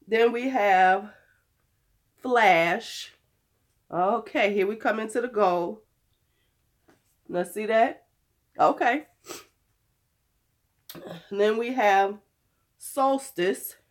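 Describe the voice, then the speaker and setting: A woman in her fifties vlogging about beauty products in casual, blunt chat with cursing, her voice hoarse from being unwell. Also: medium pitch, extremely slow, pauses often. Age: 50s. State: hoarse from illness.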